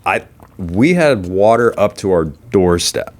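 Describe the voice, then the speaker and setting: A man co-hosting a podcast in casual chat, stuffy from a cold, telling stories in a chatty, animated way. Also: sits low, unhurried. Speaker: podcast co-host.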